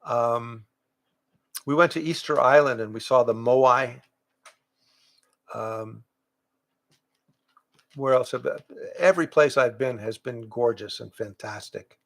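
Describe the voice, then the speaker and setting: Gravelly older man chatting on a livestream. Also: medium pitch, slow pace, pauses often. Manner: relaxed, rambling, reads out and answers viewer questions. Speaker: voice actor and improv teacher. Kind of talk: casual livestream chat with fans. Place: home, in front of pictures on the wall. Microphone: livestream webcam setup.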